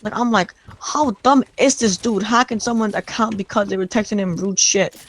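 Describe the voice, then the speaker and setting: A man's voice: high voice, normal speed, a little hiss or hum. Young man rambling through a story. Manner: rambling, excited retelling with many restarts and "I'm like". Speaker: gamer telling a story. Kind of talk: casual storytelling in game voice chat.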